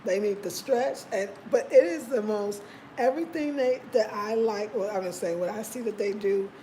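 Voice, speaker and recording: A woman hosting a casual vlog, talking in an expressive, emphatic way and laughing often. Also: mid-range voice, normal speed, slight background noise, poor audio. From United States. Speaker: vlog host.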